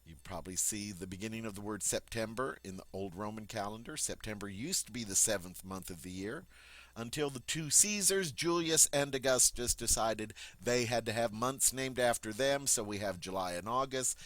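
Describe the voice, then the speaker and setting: A man teaching French pronunciation, repeating each word slowly and clearly before explaining it. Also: fairly low pitch, a bit bright. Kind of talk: pronunciation lesson.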